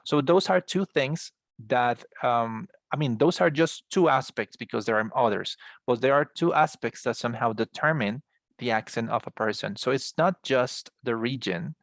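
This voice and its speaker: A man's voice: mid-range voice, moderate pace, dry recording. A man from Bogota with a Colombian Spanish accent, lecturing an online English class and explaining at length, often calling his students guys. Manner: explanatory, addresses students as guys, frequent restarts. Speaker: English teacher. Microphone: video call.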